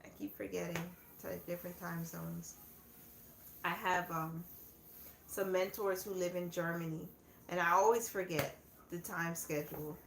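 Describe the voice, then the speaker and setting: A woman from the southern United States hosts a laid-back livestream, chatting casually with viewers and laughing often. Her lowish voice is steady, a bit bright, with vocal fry, at normal speed. The room is echoey, with faint background noise.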